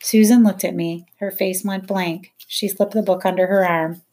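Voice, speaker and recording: A woman reading a novel aloud in first person, in a measured storytelling way. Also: mid-range voice, fairly even intonation, a little mellow. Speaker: audiobook narrator. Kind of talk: scripted narration.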